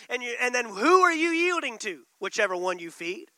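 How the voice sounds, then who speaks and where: An impassioned male pastor preaching with emphatic force, dropping at times almost to a whisper. His voice is strikingly high and bright. The recording is close and dry. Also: big pitch swings, a little fast, hardly any pauses, dry recording. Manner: emphatic, impassioned, swings from loud to near whisper. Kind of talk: sermon.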